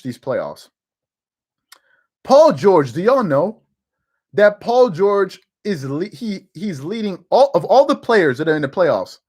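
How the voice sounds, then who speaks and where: A man hosting a live sports talk stream, his pitch swinging widely as he gets worked up over the numbers. He talks loosely, doubling up on words and breaking off to answer the chat. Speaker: sports talk show host.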